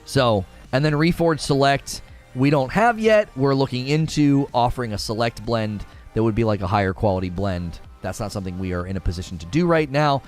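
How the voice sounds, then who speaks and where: Animated and fairly quick, a man with a mid-range voice live-streams casually, reading out viewer messages as he rambles and restarts often. There is faint music behind him.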